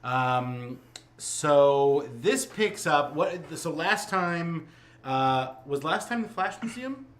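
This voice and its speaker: A man co-hosting a casual chat in a game store. He is relaxed and steers the talk with short questions. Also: on the high side, slow. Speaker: co-host.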